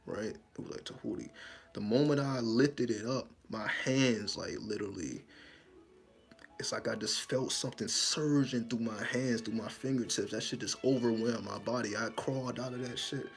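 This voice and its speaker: A man recounts a dream in a loose, animated monologue, cursing freely and jumping into his own frightened voice. His tone is gravelly and rough, with soft music running faintly behind him. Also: medium pitch, normal speed. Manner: animated, profane, acts out his own panicked lines. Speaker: spiritual storyteller. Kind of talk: casual dream storytelling monologue.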